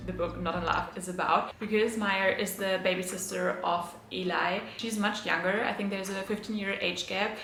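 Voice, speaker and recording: A woman's voice: mid-range voice, steady tone, moderate pace, few pauses, fairly bright tone, reverberant, faint music behind. A young woman vlogging casually about books she read, gushing and chatty with lots of fillers. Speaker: book vlogger. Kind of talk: casual reading vlog chat.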